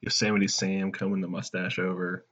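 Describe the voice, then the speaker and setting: A man co-hosting a casual comedy podcast, talking in a dry, deadpan joking way. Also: sits low, normal speed. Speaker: podcast co-host. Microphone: headset mic. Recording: dull lo-fi sound.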